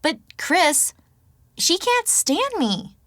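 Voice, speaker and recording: A woman's voice: extremely high pitch, very animated, drawn-out words, a bit bright, dry recording, voice pushed up, heavily acted. A woman narrator voicing the anxious, reluctant young heroine, who protests in a wary and dry way. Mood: protesting.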